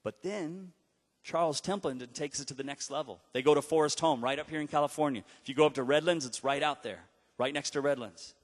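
A man preaching a sermon, telling a story with dramatic pauses and acted-out quotes. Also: on the high side. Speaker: pastor. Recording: long hall reverb.

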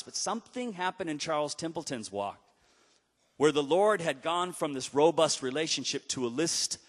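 A man preaching a storytelling sermon, swinging between emphatic exhortation and hushed retelling. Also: medium pitch. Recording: long hall reverb.

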